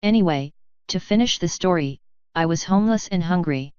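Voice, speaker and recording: A woman's voice: on the low side, animated, moderate pace, a little mellow, smooth, no echo, natural voice. A woman voicing a young male pony, an orphan thief who brushes off sympathy, in a guarded, matter-of-fact way; dull lo-fi recording. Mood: dismissive.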